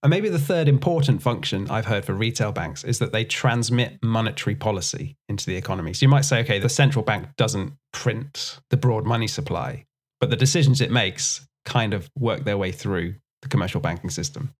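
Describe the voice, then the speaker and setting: A man with a lively, swooping intonation chats about banking on a podcast. He tosses out leading questions and drops wry one-liners, keeping the talk light. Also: on the low side, fairly quick. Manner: wry, asks leading questions, dry jokes. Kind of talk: conversational finance chat.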